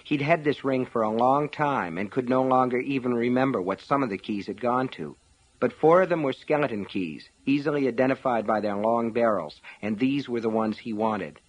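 A man reading a novel aloud in a measured, dramatic narration style. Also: medium pitch, highs cut off. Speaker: audiobook narrator. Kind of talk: scripted narration.

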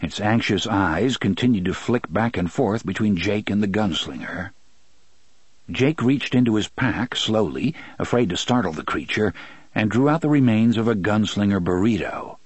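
A man narrating an audiobook with expressive storytelling. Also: lowish voice, moderate pace, husky, no echo. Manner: expressive storytelling, many voices. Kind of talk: scripted narration.

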